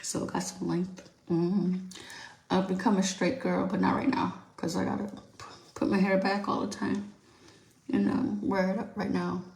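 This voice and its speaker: A woman's voice: medium pitch, little pitch movement, normal speed, creaky, darkish tone. A young woman with a New York accent hosts a podcast solo, chatting casually while doing her makeup, candid and profane. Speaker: podcast host. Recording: echoey room.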